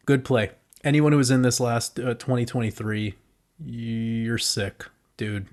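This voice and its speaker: A man giving casual, profane commentary on crypto price charts, breaking into excited outbursts. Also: medium pitch, normal speed.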